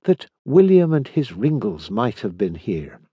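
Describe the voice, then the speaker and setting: A man doing a wistful, soft-spoken ship's doctor. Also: mid-range voice, sing-song, measured pace, creaky, husky, no echo, lo-fi sound, heavily acted. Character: melancholy, thoughtful male ship's surgeon.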